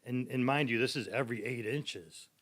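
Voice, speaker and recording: A man's voice: medium pitch, a bit bright, dry recording. A middle-aged man, a skatepark ramp builder, telling long rambling stories in a casual podcast chat and agreeing often. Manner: rambling storyteller, quick to agree.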